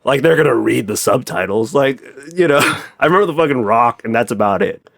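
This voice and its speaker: A man's voice: medium pitch, fairly quick, gravelly, dry recording, studio quality. A man in casual podcast chat, rambling and swearing freely, with lots of filler words. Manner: animated, profane, rambling with many "like" fillers.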